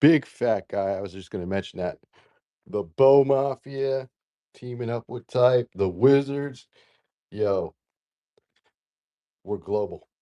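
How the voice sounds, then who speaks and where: A man's voice: medium pitch, slow, long pauses, dark tone, dry recording, muffled recording. A man joking and teasing others in a casual livestream chat. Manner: jokey, teasing.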